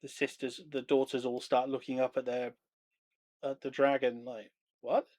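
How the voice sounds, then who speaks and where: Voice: medium pitch, flat delivery, moderate pace, a little mellow, no echo. A game master narrating a live-streamed tabletop game with dramatic description, on a streaming microphone.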